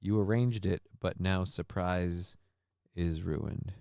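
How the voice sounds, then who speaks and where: A man hosting a casual livestream rambles, swears, and tosses out sarcastic asides as he reads the chat. His voice is low, slow, and warm with vocal fry, captured in clean studio sound with no echo.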